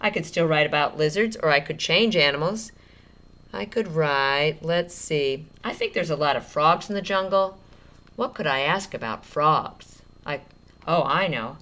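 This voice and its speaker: A woman teacher giving a writing lesson to young children, sounding out words slowly as she writes and encouraging them gently. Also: deep voice.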